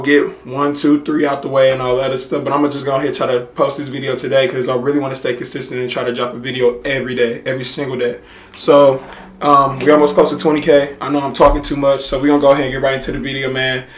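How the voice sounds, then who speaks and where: A man in his twenties hosting a reaction video, talking casually and rambling with lots of slang, his voice hoarse and nearly gone. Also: mid-range voice, little pitch movement, fast. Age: 20s. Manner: rambling, filler-heavy, laid-back slang. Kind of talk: casual talk to camera. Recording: echoey room.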